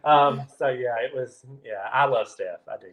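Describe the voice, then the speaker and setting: Excitable man from Kentucky. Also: mid-range voice, normal speed, rough recording. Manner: excitable, animated storyteller with frequent filler "like". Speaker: guest. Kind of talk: casual chat, storytelling.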